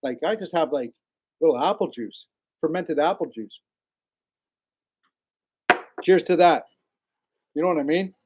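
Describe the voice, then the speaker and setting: A man's voice: fairly high pitch, animated, measured pace, long pauses, a little mellow, breathy edge. A man hosting a casual livestream, rambling in a laid-back way, greeting viewers by name and laughing often. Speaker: livestream host.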